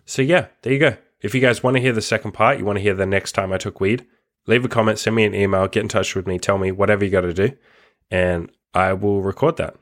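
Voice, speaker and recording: Male host, lower side of normal pitch; loose, foul-mouthed solo story delivery with frequent laughs. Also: steady tone, quick pace. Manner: heavy swearing, laughing between lines; loose, rambling delivery full of "like". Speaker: podcast host. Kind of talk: casual storytelling monologue.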